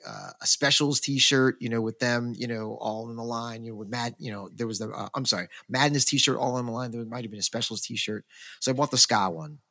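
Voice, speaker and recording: Rambling, animated man telling a story. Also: medium pitch, no echo, clean studio sound. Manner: rambling, animated, full of fillers and restarts. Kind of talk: casual storytelling chat.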